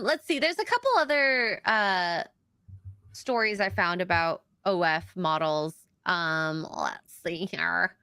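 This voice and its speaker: A woman's voice: lowish voice, bright, forceful tone, smooth, no room sound, clean studio sound. A woman co-hosting a casual chat stream, reading news stories aloud in an easygoing way. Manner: reads articles aloud, easygoing. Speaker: stream co-host.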